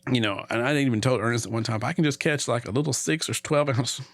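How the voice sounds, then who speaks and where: A man's voice: medium pitch, fast talker. A middle-aged man telling a long story in a casual conversation, acting out the voices of the people in it. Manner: animated storyteller, acts out quotes. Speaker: podcast guest.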